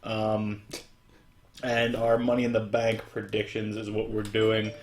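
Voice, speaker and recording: A man co-hosting a podcast, chatting casually and teasing his co-host with quick restarts. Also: on the low side, monotone, darkish tone. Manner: joking, teasing banter with restarts. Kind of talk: casual chat.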